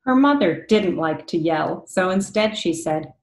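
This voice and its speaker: A woman reading a picture book aloud to children, expressive and pausing to ask them questions. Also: lowish voice, slight background noise. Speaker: read-aloud storyteller for children. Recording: echoey room.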